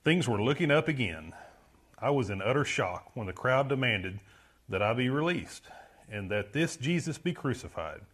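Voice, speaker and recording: A man's voice: mid-range voice, expressive, moderate pace, fairly bright tone. A man playing a guilty, defiant male rebel prisoner in a dramatic first-person monologue, brooding and self-justifying. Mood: recalling.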